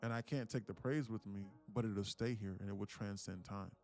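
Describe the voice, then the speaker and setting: A man's voice: on the low side, a little fast, darkish tone, faint music behind. A man hosting a live day-trading stream, ranting, swearing and talking motivationally to his viewers.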